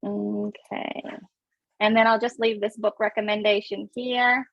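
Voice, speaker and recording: A woman in her thirties gives a parenting webinar over a computer mic, her voice carrying a gravelly, creaky edge. She rushes along with lots of fillers in a friendly, instructive tone. The sound is dry and a little dull and lo-fi. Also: mid-range voice, little pitch movement, no echo. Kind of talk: casual webinar talk.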